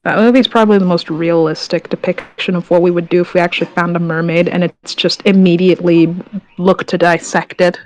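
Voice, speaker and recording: A woman playing a tabletop game, describing things in a rambling, halting way full of restarts. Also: fairly low pitch, fairly even intonation, a little mellow, a little hiss or hum, rough recording. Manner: rambling, halting, self-correcting. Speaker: player. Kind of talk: casual tabletop game chat.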